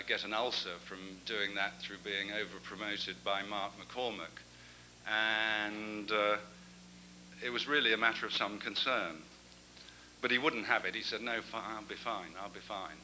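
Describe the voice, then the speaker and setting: Bright-voiced man telling racing anecdotes. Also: fairly low pitch, a little hiss or hum, low-quality recording. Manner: chatty storyteller, self-deprecating asides. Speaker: guest speaker at a club gathering. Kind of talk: after-dinner anecdotes.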